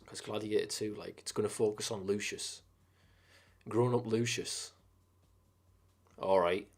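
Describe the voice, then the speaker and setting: On a casual live stream, a man with a fairly low voice wanders from one film to another, swearing freely and getting swept up in his own enthusiasm. His tone stays steady and his pace is a little slow.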